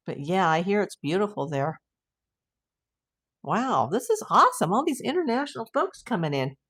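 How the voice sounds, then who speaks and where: Chatty older American woman, lowish voice. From United States. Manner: chatty and exclamatory, quick to say wow. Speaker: livestream host reading viewer chat. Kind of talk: casual live chat.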